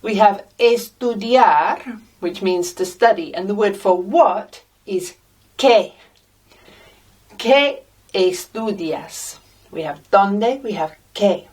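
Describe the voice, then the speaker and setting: A woman's voice: medium pitch, takes it slowly, a little mellow, husky. A woman teaching a language lesson, patiently sounding out each word and repeating example phrases. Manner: patient, carefully sounds out words. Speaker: Spanish teacher. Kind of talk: slow, deliberate language lesson mixing English and Spanish. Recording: voice a little distant from the mic.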